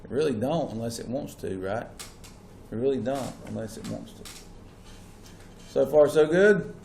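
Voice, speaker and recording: An animated male lecturer with a gravelly, slightly mellow mid-range voice speaks at a moderate pace. He explains step by step to his class, regularly asking whether they follow. The classroom is echoey with a faint hum.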